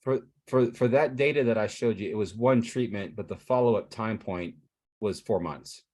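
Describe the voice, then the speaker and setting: A man speaks earnestly over a video call, his voice sitting a little low for a man. He rambles through his explanation, stopping to restart his sentences as he goes. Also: normal speed, a little mellow. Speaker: therapy provider presenting on a video call.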